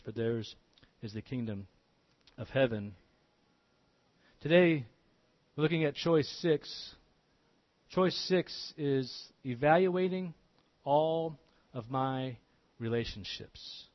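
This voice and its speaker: A man's voice: mid-range voice, dull audio. A man preaching a sermon earnestly, rising on emphasis and often restarting his phrases. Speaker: pastor.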